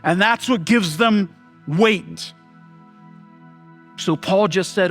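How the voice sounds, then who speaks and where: Casual pastor with a high voice, chatty sermon delivery, goes lively then hushed. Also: male voice, soft background music. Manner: casual, conversational preaching with many fillers; shifts between lively emphasis and hushed, slow delivery.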